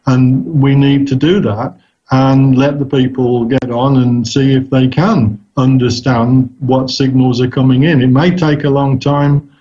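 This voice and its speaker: Man, interview guest, thoughtful, hesitant, mellow dark voice, dull lo-fi sound. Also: mid-range voice. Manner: thoughtful, hesitant, frequent restarts. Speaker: interview guest, cybernetics researcher. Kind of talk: casual interview answers. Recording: dull lo-fi recording.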